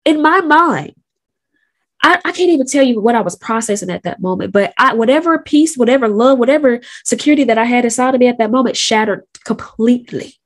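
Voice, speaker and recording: Candid woman in her thirties, slightly high. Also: animated, fairly quick. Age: 30s. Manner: candid, conversational, slangy. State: sick. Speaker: host. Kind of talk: casual personal storytelling.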